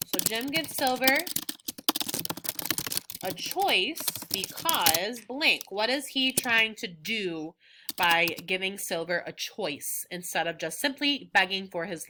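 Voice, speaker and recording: A woman's voice: mid-range voice, background noise. A woman teacher giving a recorded lesson, walking her students patiently through reading questions. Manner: clear, patient question-by-question guidance.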